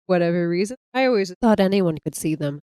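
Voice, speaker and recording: A woman co-hosting a podcast, retelling a comic in casual chat, animated and laughing often as she acts out the characters' lines. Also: on the low side, a little fast, clear, resonant tone, no room sound. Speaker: podcast co-host.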